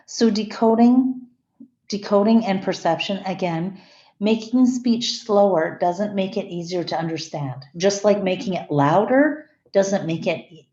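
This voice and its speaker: Mellow-voiced woman lecturing a class. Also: mid-range voice. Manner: explanatory, often restarts and corrects her wording. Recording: echoey room, slightly dull sound.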